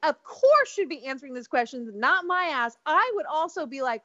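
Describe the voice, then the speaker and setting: A woman co-hosting a podcast, telling a gossipy story in animated casual chat and laughing often. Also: sits high, moderate pace, no room sound, lo-fi sound. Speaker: podcast co-host.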